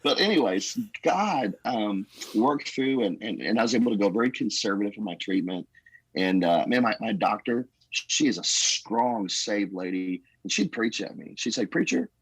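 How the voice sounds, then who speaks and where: A man with a low, husky voice speaks in an earnest, folksy, rambling way. He sounds middle-aged and talks like a pastor sharing his own testimony. The sound is dry and close, with no room echo. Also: normal speed. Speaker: pastor, podcast guest. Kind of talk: casual conversational storytelling.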